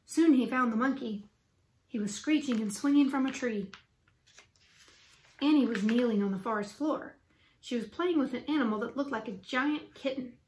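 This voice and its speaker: A woman with a fairly high voice reads a children's chapter book aloud for students. Her storytelling is clear and expressive, paced for young listeners to follow along. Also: normal speed, long pauses.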